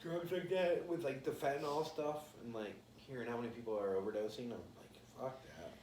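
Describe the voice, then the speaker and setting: A podcast co-host in casual chat, lively and playful, swearing freely. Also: mid-range voice, a little fast, a little hiss or hum. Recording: roomy, slightly distant mic.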